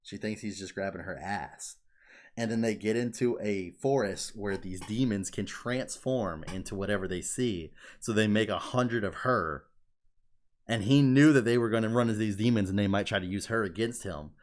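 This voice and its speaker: A young man co-hosting a casual podcast, retelling scenes in an animated way, swearing freely and breaking into silly voices. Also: on the low side, moderate pace. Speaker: podcast co-host.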